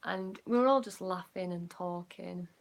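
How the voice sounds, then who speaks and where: A young woman with a Yorkshire accent, telling a casual storytime, rambling with lots of "like" fillers and sinking quieter when she recalls feeling nervous. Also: lowish voice, unhurried, creaky. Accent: Yorkshire English. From Yorkshire, England. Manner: chatty, rambling, many "like" fillers, drops quieter when recounting nerves. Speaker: vlogger.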